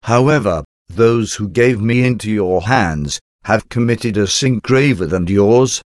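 A man reading the words of a gentle, suffering teacher, soft and solemn. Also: lowish voice, a little slow, no echo, clean studio sound, lightly acted.

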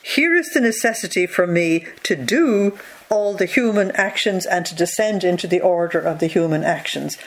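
A devotional teacher reading a spiritual text line by line and then explaining it at length. The voice sits in a middle pitch. The delivery is measured and earnest, with frequent rhetorical asides.

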